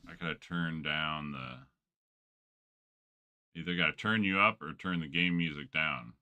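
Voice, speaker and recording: Deep-voiced swearing gamer man. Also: measured pace, pushed and bright, clear, resonant tone, no echo. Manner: rambling, profane, laughs often. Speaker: gaming streamer. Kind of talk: casual chat while gaming.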